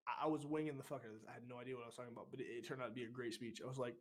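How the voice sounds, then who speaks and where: A man telling a boot camp story on a casual podcast, profane and animated, getting loud when he acts out what he said. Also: medium pitch, racing, hardly any pauses. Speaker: podcast co-host.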